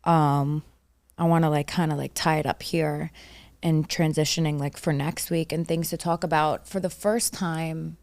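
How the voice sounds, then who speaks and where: Low, gravelly-voiced woman telling stories. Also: no room sound. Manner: animated storytelling, acts out quoted voices, many likes. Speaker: podcast co-host. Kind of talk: casual chat.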